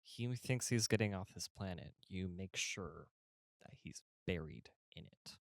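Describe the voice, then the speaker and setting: A man voicing a stern male fight boss who gives blunt, quiet orders. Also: sits low, a little slow, dry recording, studio quality.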